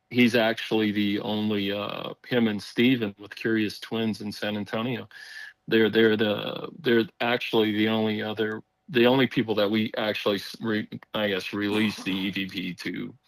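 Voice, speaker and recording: A man telling a story on a podcast in casual chat, rambling and animated, acting out the voices of people he quotes. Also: fairly low pitch, no room sound, low-quality recording.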